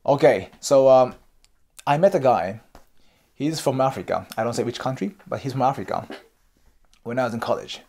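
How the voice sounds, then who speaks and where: Lively Japanese-accented man, blunt. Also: mid-range voice, moderate pace. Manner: blunt, frequent swearing and laughter. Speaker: host giving dating advice. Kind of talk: casual monologue.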